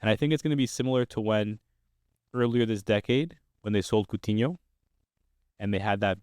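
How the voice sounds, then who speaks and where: A man's voice: lowish voice, a little fast, a little mellow, smooth, dry recording, clean studio sound. A young man hosting a casual football podcast, upbeat and steering the talk with questions. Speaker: podcast host. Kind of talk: casual sports chat.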